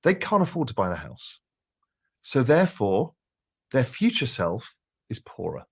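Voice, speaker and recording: Man explaining, lively pitch. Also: measured pace, creaky, slightly rough. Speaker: interview guest. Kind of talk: interview explanation.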